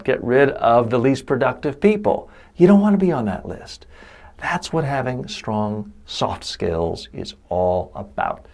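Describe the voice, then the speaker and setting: A middle-aged man delivers a recorded lesson as the course instructor. His pitch sits in an ordinary middle range but swings widely as he stresses points. He acts out short quoted asides along the way. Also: vocal fry. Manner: animated, emphatic teaching with quoted asides. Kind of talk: recorded lecture.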